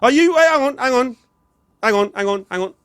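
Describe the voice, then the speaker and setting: A man's voice: extremely high pitch, lively intonation, a little fast, a bit bright, clean tone, dry recording, clean studio sound. A man co-hosting a podcast, chatty and rambling in casual chat. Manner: chatty, rambling, self-interrupting. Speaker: podcast co-host.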